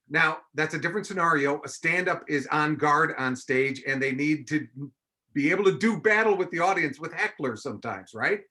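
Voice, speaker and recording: A man moderating a panel over a video call, with a bright, fairly high voice. He sums up points and passes the floor along in an easy, conversational way. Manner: summarizing and handing off to other panelists. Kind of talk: conference panel talk.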